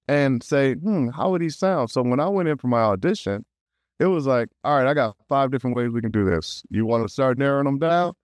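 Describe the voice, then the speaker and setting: Animated man telling stories, dry sound. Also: medium pitch, a little fast, dry recording. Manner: animated, laughs often, acts out quotes. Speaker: voice actor guest. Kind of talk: casual interview storytelling.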